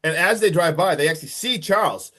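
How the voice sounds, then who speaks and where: A young man co-hosting a podcast, casually recapping a horror film in a rambling, animated way with lots of filler words and mild swearing. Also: on the high side, fairly quick. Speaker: podcast co-host reviewing a film.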